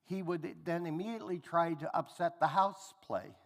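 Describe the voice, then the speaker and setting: A man's voice: on the high side, normal speed, in a large hall. A man preaching a sermon, telling family stories and acting out the voices of the people in them. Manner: animated storyteller acting out family dialogue. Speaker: pastor. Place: church hall.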